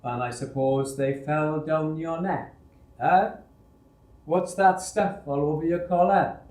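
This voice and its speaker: A stern foundry foreman interrogates his workers with sarcasm and raised, demanding force, put on by a male storyteller. The reading sits in a roomy space with clear echo. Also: fairly high pitch, fairly even intonation, takes it slowly, darkish tone, voice pushed up.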